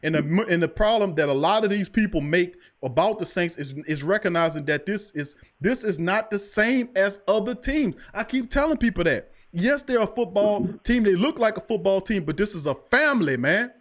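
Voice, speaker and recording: A man with a high-pitched voice hosts a sports talk show, and he delivers it like a sermon. He is emphatic and repetitive, and he keeps hammering his point home. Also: animated, moderate pace, hardly any pauses. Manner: preachy, emphatic, repeats "I'm telling you". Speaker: podcast host.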